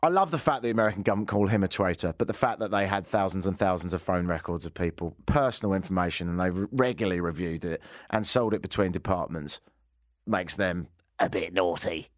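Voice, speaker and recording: A man's voice: low voice, a little fast, dry recording. A man hosting a comedic talk radio show, wry and joking, at a studio microphone. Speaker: radio host.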